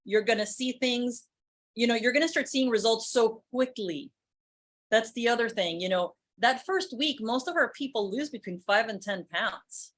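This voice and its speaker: A woman's voice: fairly high pitch, normal speed. A woman who works as a weight loss program doctor, speaking in an upbeat, persuasive way in a casual chat.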